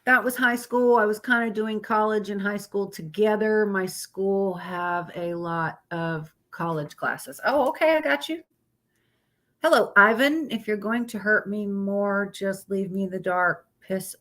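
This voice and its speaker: A woman's voice: mid-range voice, a little slow, a bit bright. Chatty woman hosting a live stream. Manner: chatty, greets viewers, reads topics aloud with stumbles. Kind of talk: casual live-stream chat.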